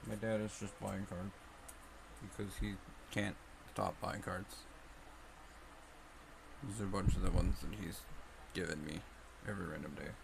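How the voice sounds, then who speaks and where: A man's voice: sits low, steady tone, a little slow, creaky, long pauses, noisy background. A young man streaming live, muttering anxiously to himself as he sorts through trading cards. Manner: mumbly, anxious, talking to himself while sorting cards. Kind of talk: casual live-stream chat.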